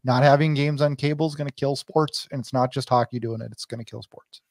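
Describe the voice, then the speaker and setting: A man's voice: medium pitch, fairly even intonation, fairly quick, a little mellow, no echo. A man co-hosting a hockey podcast, ranting emphatically and repeating his points. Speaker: podcast co-host. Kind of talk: casual sports chat.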